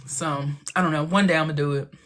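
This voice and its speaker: A man's voice: on the high side, fast talker. Chatty man hosting a livestream. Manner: chatty, expressive, playful asides. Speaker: livestream host. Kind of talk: casual livestream chat.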